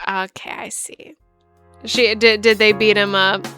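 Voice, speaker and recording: A woman's voice: mid-range voice, flat delivery, a little slow, sharp tone, soft background music. A woman playing a dating game and reading it aloud, reacting with swearing and laughter. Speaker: game streamer.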